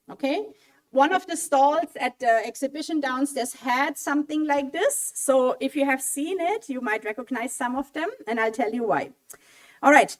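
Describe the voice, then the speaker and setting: A woman running an interactive quiz for a college audience in a hall, lively and coaxing as she asks for votes. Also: high-pitched. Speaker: German language speaker at a college event. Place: auditorium mini hall. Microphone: handheld mic.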